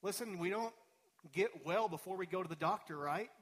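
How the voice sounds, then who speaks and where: A man's voice: sits high, normal speed, breathy edge. A male pastor preaching a sermon, talking conversationally and building up to emphatic peaks.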